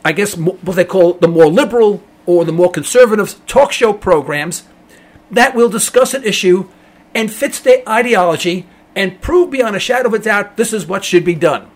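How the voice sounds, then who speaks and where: A man's voice: high voice, animated, normal speed. A middle-aged man hosting a talk radio show, ranting emphatically in a rambling monologue and mocking callers in a dopey voice.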